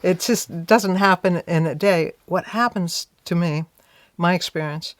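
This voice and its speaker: A woman's voice: fairly low pitch, unhurried, no room sound. A woman being interviewed, telling a story in a reflective, conversational way, often saying "you know" and voicing her own past thoughts aloud. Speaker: interview guest.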